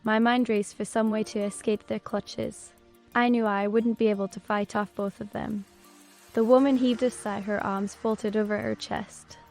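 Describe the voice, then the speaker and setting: Woman narrating in an even, flat tone. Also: medium pitch, normal speed. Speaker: audiobook narrator. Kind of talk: scripted narration. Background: soft background music.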